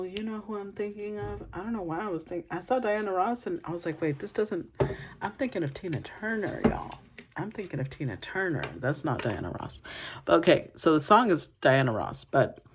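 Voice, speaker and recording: A woman's voice: fairly low pitch, slight background noise. A woman giving an intuitive tarot reading to her viewers, musing and conversational as she thinks aloud. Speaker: tarot reader.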